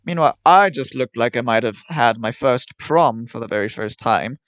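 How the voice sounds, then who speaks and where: Young adult male streamer, wry rambling chat, mid pitch, dry room. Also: animated, moderate pace, a bit bright, smooth, no echo. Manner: rambling, wry, mock-formal phrasing. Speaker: livestreamer. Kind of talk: casual livestream commentary.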